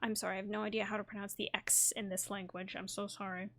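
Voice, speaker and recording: A young woman making quiet, casual asides during a gameplay video. She sounds self-deprecating and relaxed. Her voice sits at an ordinary pitch. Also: quick pace. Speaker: gaming video creator.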